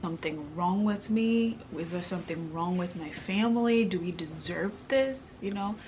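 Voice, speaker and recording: A woman's voice: on the low side, moderate pace, darkish tone, slight background noise. A young woman from Kenya talking through her struggles with faith in a personal vlog, emotional and questioning, with many fillers. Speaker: vlogger.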